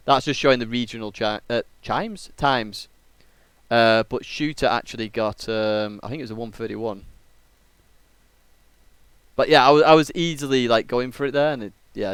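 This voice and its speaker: Guy streaming a racing game, rambly and jokey, lots of ums, smooth clean voice, dry sound. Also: mid-range voice, a bit bright, dry recording. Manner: chatty, jokey, rambling with many fillers. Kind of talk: casual live-stream commentary.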